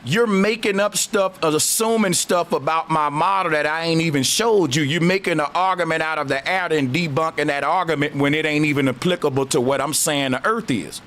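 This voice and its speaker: Slow-drawling Southern man arguing. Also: a little high, fairly bright tone. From Southern United States. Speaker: host. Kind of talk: call-in debate.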